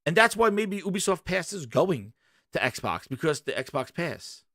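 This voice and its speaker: A man's voice: on the high side, very animated, measured pace, a bit bright, no room sound, clean studio sound. A young man hosting a gaming podcast, ranting emphatically and arguing straight at his listeners. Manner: emphatic, argumentative, addresses listeners directly. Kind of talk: animated opinion rant.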